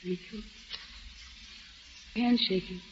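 A woman playing a weary, gentle wife. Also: medium pitch, steady tone, slow, a little hiss or hum, natural voice. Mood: soft. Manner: soft and resigned. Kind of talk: 1940s radio acting. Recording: dull lo-fi old radio recording with music.

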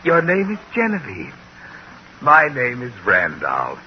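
A bashful, formal suitor. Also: male voice, medium pitch, huge pitch swings, measured pace. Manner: timid, formal, flustered. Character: shy, formal middle-aged man courting a coworker. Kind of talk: 1940s radio comedy acting. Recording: dull, hissy old radio recording.

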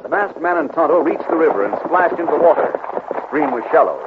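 A man's voice: a little high, lively intonation, quick pace, phone-quality sound, very noisy. A man giving vivid, dramatic scripted narration in a vintage radio drama. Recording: old radio broadcast with music. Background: music.

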